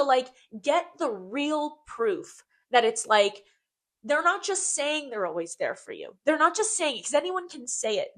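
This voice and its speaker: A young woman co-hosting a podcast speaks in a fairly high, bright voice. She talks in a heartfelt, open way, repeats her phrases and fills them with "like". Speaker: podcast co-host. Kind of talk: casual podcast chat.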